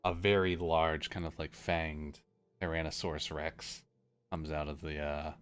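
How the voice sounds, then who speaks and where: A man's voice: very deep voice, level tone, measured pace, a bit bright, smooth. A man acting as game master, narrating a tabletop game in a rambling way with many fillers and restarts.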